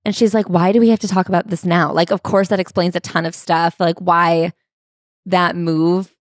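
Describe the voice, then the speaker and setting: A woman's voice: fairly low pitch, level tone, normal speed, no room sound. Woman book podcast co-host, wry summarizer, dry close sound. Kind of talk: casual book club chat.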